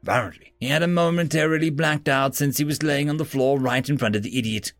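A man narrating science fiction and fantasy stories in an expressive reading. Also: medium pitch, fast talker, dry recording, soft background music. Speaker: story narrator. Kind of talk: scripted story narration.

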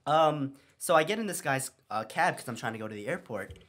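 A man telling a story as a podcast guest in casual chat, lively and laughing. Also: medium pitch, fairly quick.

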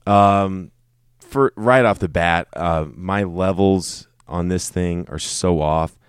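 A man's voice: sits low, slow, clean tone, no echo, clean studio sound. A young man hosting a casual solo podcast, rambling and joking with plenty of swearing. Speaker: podcast host.

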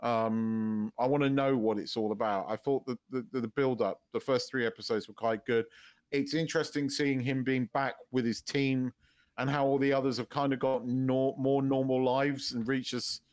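A man's voice: medium pitch, fairly even intonation, moderate pace, a little mellow, clean tone. A man co-hosting a podcast in casual chat, rambling and swearing freely, stumbling over restarts and laughing often. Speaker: podcast co-host.

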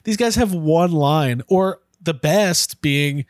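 A man's voice: fairly high pitch, slow, no room sound, clean studio sound. A man guest co-hosting a podcast, talking enthusiastically in a rambling, casual way. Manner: enthusiastic, rambling, restarts mid-thought. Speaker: guest co-host. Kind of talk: casual chat.

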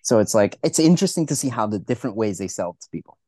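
A man co-hosting a podcast, chatting casually about a film, relaxed and profane, acting out quotes in funny voices. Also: on the low side, fast talker, no echo. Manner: laid-back, swearing, acts out quotes in funny voices. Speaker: podcast co-host.

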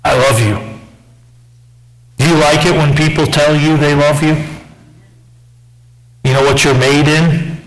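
A male pastor preaching a sermon in church, asking the congregation questions and swinging between raised and softer passages. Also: a little high, level tone, measured pace, pauses often, poor audio. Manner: preacher who asks the church questions and swings from loud to soft.

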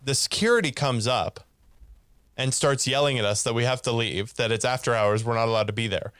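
Man, mid pitch, casual storyteller who acts out quotes, dry close sound. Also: a little fast, clear, resonant tone, no echo. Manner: animated, laughs while telling, acts out quoted lines.

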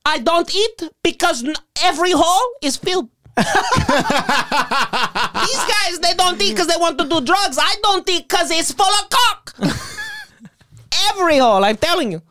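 A shameless, crude male prison inmate who boasts and brags without a shred of embarrassment, as a woman puts him on in an improvised comedy bit. His voice jumps wildly between high and low, in a bright, high register. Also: animated, normal speed, long pauses, a little hiss or hum, full character voice. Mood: bawdy boasting. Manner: brash, bawdy, shameless boasting.

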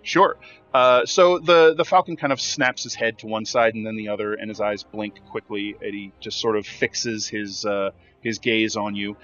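A man's voice: fairly low pitch, moderate pace, a bit bright, highs cut off, soft background music. A man narrating a tabletop game as game master, with descriptive, filler-heavy speech.

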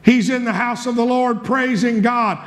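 A man preaching with a strikingly high voice, fervent and rhythmic, piling up repeated words and rising into shouts. His sermon rings through a church with a long, lingering reverb. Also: fairly even intonation, moderate pace. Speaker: pastor.

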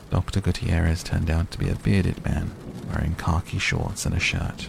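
A man with a very low, gravelly voice narrates an audiobook in a steady, even reading. There is clear noise in the recording. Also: moderate pace, hardly any pauses. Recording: noisy recording.

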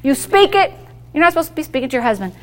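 A woman's voice: high-pitched, very animated, rapid-fire. A woman pastor preaching a sermon to a small group, emphatic and call-and-response, acting out dialogue with the devil.

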